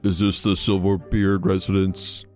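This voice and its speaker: A man voicing a huge, calm male goliath warrior who speaks slowly and earnestly in a tabletop game. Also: low-pitched, soft background music. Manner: slow, deliberate, earnest.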